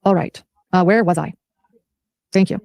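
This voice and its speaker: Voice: mid-range voice, vocal fry, darkish tone, dry recording, clean studio sound. A speaker in a played video clip who reads a prepared statement in a defensive tone. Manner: rapid, defensive, reading from a script.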